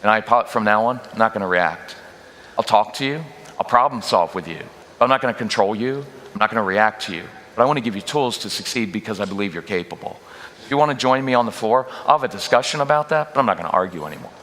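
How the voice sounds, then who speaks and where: A man leading a parenting workshop at a church, talking directly and conversationally with quick asides to the audience. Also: fairly low pitch, lively intonation, pushed and bright. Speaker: guest speaker at a parenting workshop. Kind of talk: live workshop talk. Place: church hall. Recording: long reverb in a church hall.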